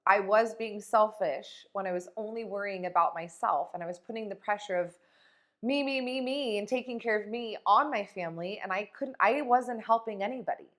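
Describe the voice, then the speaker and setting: A woman's voice: mid-range voice, moderate pace, a bit bright. A woman life coach talking in a casual motivational vlog, blunt, profane and emphatic.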